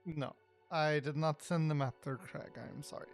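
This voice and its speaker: Lower-voiced, defensive woman at a game table. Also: fairly even intonation, faint music behind. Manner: defensive, halting. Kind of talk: casual chat during a tabletop game.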